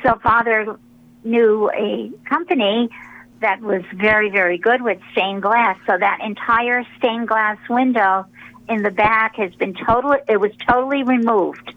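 A woman, a religious sister, chats on a radio program in a fairly high voice. She tells her stories in a rambling way, with fillers and restarts. The sound is dull and muffled, as if over a phone line. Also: fairly even intonation. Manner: rambling, warm storytelling with many pauses and fillers. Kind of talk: casual radio interview.

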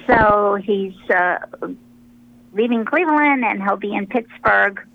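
A woman, a religious sister, telling stories in a relaxed radio interview, pausing often with fillers as she rambles along. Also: mid-range voice, gravelly, dry recording, phone-quality sound. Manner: rambling, warm storytelling with many pauses and fillers.

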